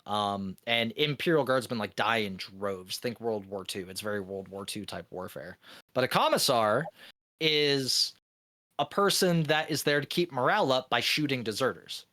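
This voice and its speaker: A man co-hosting a gaming podcast, telling a long joke with lively energy, swearing freely and laughing often. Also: medium pitch, moderate pace. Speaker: podcast co-host. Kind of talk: casual podcast chat.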